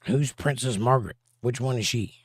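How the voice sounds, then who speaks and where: A man's voice: medium pitch, moderate pace, slightly rough. A man with a Southern US accent hosting a casual livestream, reading viewer comments aloud with dry, sarcastic humor. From southern United States. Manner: dry, sarcastic, drawling asides. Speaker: livestream host reading chat. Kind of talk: casual chat.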